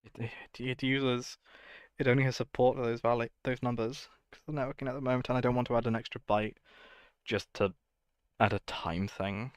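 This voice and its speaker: A man's voice: medium pitch, steady tone, brisk, smooth, no echo. A man streaming himself coding, thinking aloud in a casual, muttering way and correcting himself as he goes.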